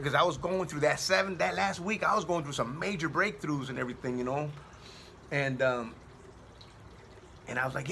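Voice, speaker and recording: Male comedian, bright high voice, animated slangy storyteller. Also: normal speed, creaky, a little hiss or hum. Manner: animated, slangy, full of "man" and "dude". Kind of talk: casual storytelling monologue.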